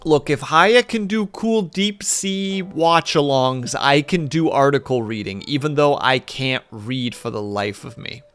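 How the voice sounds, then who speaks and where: A man's voice: medium pitch, lively intonation, a little slow, few pauses, fairly bright tone, smooth, faint music behind. A man streaming live, chatting casually and rambling with his viewers in a self-deprecating way.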